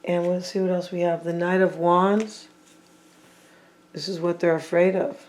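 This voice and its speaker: A casual tarot reader talks straight to the viewers, musing over each card as it turns up. The voice sits at an ordinary middle pitch, loose and chatty, often circling back with "I feel like". Now and then it slips in teasing little jokes for the audience. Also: flat delivery, unhurried. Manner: chatty, thinking aloud, repeats and hedges with "I feel like"; playful, teasing asides to the audience.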